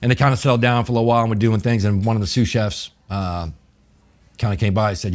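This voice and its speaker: A middle-aged man from New Orleans spins a long story in a low, deep voice, with a New Orleans accent. He rambles and swears freely and fills every pause with "you know" and "I'm like.". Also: steady tone, darkish tone. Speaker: chef telling his story as a guest. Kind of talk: casual storytelling.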